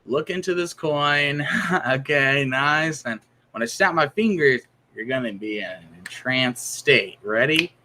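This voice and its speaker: A man's voice: mid-range voice, lively intonation, measured pace, pushed and bright, a little hiss or hum. A man putting on the voice of a smug male stage hypnotist doing a fairground show, with a raised voice and showman patter. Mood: showy.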